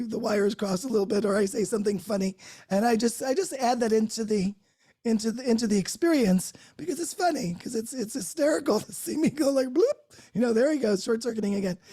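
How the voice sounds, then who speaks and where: A woman's voice: on the high side, warm tone, slightly rough. A woman hosting a live group call from her home, talking in an effusive, unscripted way, laughing often and restarting her words. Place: her own home, great room by a Christmas tree.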